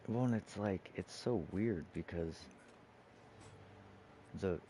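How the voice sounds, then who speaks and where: A man's voice: deep voice, slow pace, mellow, slight background noise. A man streaming in casual gaming chat, rambling and profane, restarting his sentences often.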